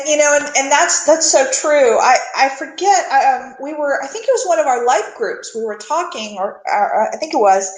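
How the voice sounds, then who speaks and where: Woman host, high voice, chatty and self-mocking, echoey room. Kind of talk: casual faith chat on a webcast.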